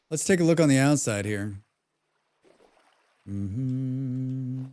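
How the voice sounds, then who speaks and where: In a medium-pitched, darkish voice, a man offers loose, rambling commentary on a live game stream. He reads chat aloud and keeps humming tunelessly to himself as he plays.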